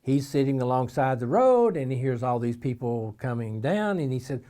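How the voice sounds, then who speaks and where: A man's voice: medium pitch, lively intonation, moderate pace, few pauses. A man from eastern Kentucky with an Eastern Kentucky accent, giving an informal devotional talk in a folksy storytelling way. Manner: folksy storytelling, acts out shouted voices in quotes. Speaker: missionary preacher.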